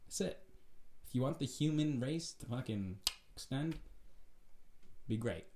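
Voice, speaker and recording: Vlogger man, mid-pitch, swearing and preachy, in a roomy room. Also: unhurried, a little hiss or hum. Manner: profane, animated, preachy. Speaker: vlog host. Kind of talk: casual rant to camera. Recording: roomy echo.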